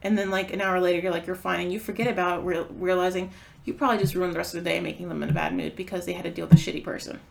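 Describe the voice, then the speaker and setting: A woman's voice: on the low side, level tone, rapid-fire, creaky, darkish tone. A woman co-hosting a podcast, telling a story in casual chat, acting out quotes and swearing freely. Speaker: podcast co-host.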